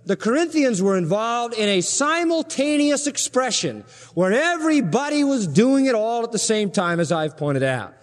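A man's voice: extremely high pitch, sing-song, moderate pace, hardly any pauses. A man preaching a sermon with emphasis and rhetorical questions, in a large church hall. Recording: long hall reverb.

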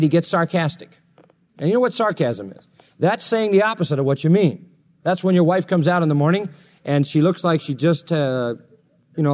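A male pastor preaching an expository sermon, animated and jokey, slipping into mocking sarcastic voices. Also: on the high side. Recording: long reverb of a large hall.

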